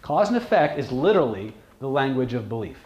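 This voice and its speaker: Speaking a little fast in a very animated, slightly mellow mid-range voice, a man lectures a live seminar audience on hypnosis and lie detection. He is blunt and joking, often asking "okay", and the room echoes with faint noise.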